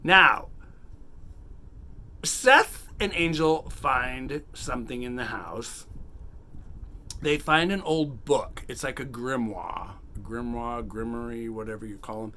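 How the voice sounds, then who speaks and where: A man hosting a casual, unedited book review, chatty and animated, acting out bits of the story in quick quotes. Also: mid-range voice. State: has the hiccups. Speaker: book review channel host.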